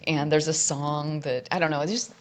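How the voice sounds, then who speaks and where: A woman's voice: sits low, fairly even intonation, moderate pace, slight background noise. A woman in her fifties, a musician guest in an interview, talking candidly and rambling with many restarts as she tells her story.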